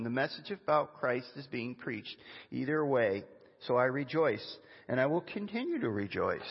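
A man preaching a sermon as a pastor, animated and conversational, with chatty asides. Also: mid-range voice, breathy edge. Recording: dull lo-fi sound with long reverb in a hall.

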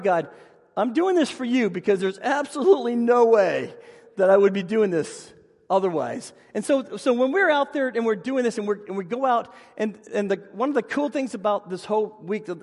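A man, a pastor, preaching a sermon and telling funny personal stories in an animated, self-deprecating way. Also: sits high. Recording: long hall reverb.

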